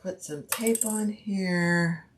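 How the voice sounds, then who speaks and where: A woman's voice: on the low side, fairly even intonation, drawn-out words, noisy background. A woman hosting a live sewing stream, chatting casually as she works and greeting viewers by name. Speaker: sewing livestream host. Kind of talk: casual live crafting chat. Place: home sewing room.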